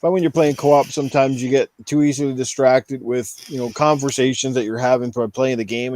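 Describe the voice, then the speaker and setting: A man's voice: mid-range voice, a little mellow. A man hosting a casual gaming podcast in an easygoing way, reading out chat comments. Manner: easygoing, reads chat aloud. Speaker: podcast host.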